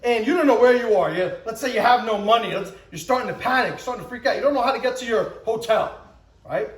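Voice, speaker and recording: Speaking at a quick pace, a man in his forties gives a motivational talk, acting out little scenes emphatically as his pitch rises into shouts. The low-quality recording has a reverberant sound.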